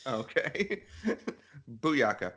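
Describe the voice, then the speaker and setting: A man's voice: medium pitch, big pitch swings, very slow, fairly bright tone. A man co-hosting a podcast and chatting casually about a book, laughing often between his remarks. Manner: giggly, laughs often, spells words out. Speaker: podcast co-host. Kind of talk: casual book discussion chat.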